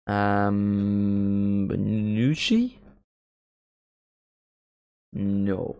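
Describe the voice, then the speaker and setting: A man's voice: lowish voice, dark tone. Chatty man with a mild Northern Irish accent. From Northern Ireland. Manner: casual, chatty, swears freely. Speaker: watchalong host. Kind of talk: live football watchalong commentary.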